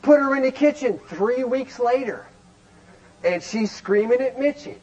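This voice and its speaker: A man lecturing a recovery group with great energy, his voice pitched unusually high. He keeps asking the room rhetorical questions and breaks into shouts to drive points home. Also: expressive, measured pace, lo-fi sound. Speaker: recovery program speaker.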